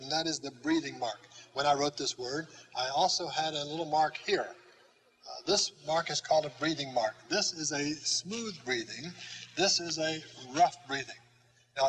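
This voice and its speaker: An older man teaching a classroom Greek lesson, patient and halting with many pauses. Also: fairly high pitch, fairly bright tone, low-quality recording. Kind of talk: classroom lecture.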